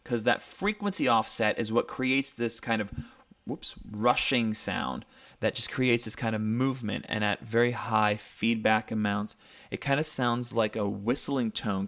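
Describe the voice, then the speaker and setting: A man with a lowish voice talks through a casual livestream mixing lesson from his home studio. He speaks loosely and conversationally, thinking aloud with frequent ums. He explains each step as he tries out sounds on his computer. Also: normal speed, fairly bright tone. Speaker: music producer teaching mixing.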